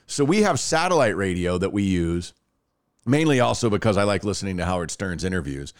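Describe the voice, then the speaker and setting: A man co-hosting a podcast, chatting casually and telling stories with quick asides. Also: low-pitched, clear, resonant tone. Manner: animated storytelling, fast asides. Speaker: podcast co-host. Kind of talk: casual chat.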